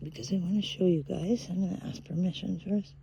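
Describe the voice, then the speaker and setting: Soft-spoken woman whispering in a forest. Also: fairly low pitch, fairly quick, creaky, slight background noise. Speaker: vlogger. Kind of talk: casual vlog narration. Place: outdoors in a forest. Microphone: handheld phone.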